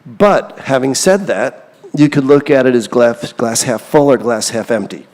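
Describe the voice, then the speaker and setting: Here a songwriter in his middle years chats through a casual interview, frank and meandering, with a habit of running himself down. His voice sits at medium pitch, dark in tone, at an ordinary pace, and sounds like it's in a big room.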